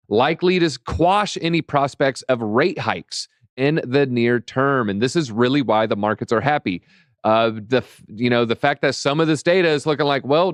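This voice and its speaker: A man co-hosting a casual crypto livestream, joking and telling animated stories about market data. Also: medium pitch, dry recording, studio quality. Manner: jokey, animated storytelling. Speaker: crypto show co-host.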